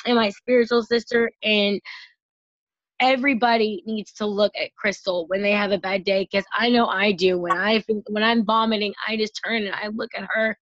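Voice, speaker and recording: A woman's voice: medium pitch, fairly even intonation, normal speed, fairly bright tone, no echo, lo-fi sound. A woman team leader giving an emotional, effusive tribute in a folksy, heartfelt way. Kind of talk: heartfelt tribute on a video call.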